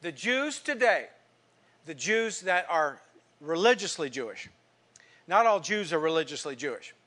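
A middle-aged male pastor from California preaching, his voice high and bright. He tells personal stories and moves between quiet asides and strong, emphatic points. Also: sing-song, a little slow. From California, USA. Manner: storytelling preacher, swings from hushed to emphatic. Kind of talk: sermon.

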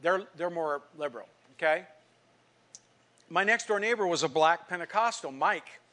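A middle-aged male pastor from California preaching, his voice high and bright. He tells personal stories and moves between quiet asides and strong, emphatic points. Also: animated, normal speed. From California, USA. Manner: storytelling preacher, swings from hushed to emphatic. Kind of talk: sermon.

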